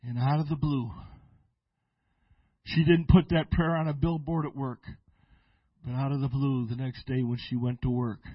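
A man who is a pastor, preaching a sermon and telling stories with restarts, sometimes slowing down and sometimes breaking into shouts. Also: mid-range voice, fairly even intonation, slightly rough, dry recording, dull audio. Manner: preaching with sudden shouted bursts and slow drawn-out phrases; storytelling with restarts and repeated words. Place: church sanctuary.

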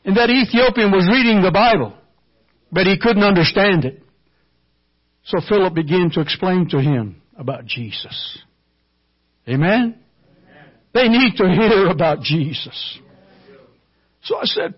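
A man's voice: sits high, lively intonation, measured pace, long pauses, slightly rough, muffled recording. A man preaching a sermon and telling a mission story in a fervent storytelling manner, with some hesitant fillers. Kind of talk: sermon testimony.

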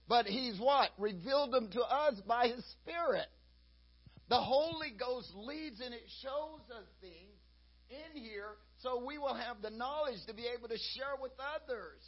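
A man's voice: very high-pitched, measured pace, husky. A man preaching a sermon in a folksy, conversational way, peppering his talk with "you know". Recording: dull lo-fi recording.

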